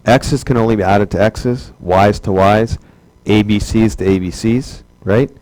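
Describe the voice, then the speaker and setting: A man's voice: lowish voice, fairly even intonation, a little slow, darkish tone, dry recording, rough recording. A man teaching a math class, chatty and joking, asking rhetorical questions over and over. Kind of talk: classroom lecture.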